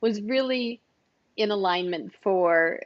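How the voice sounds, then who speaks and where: A woman's voice: medium pitch, takes it slowly, dull audio. A woman hosting an interview in casual chat, enthusiastic and rambling with restarts. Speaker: host.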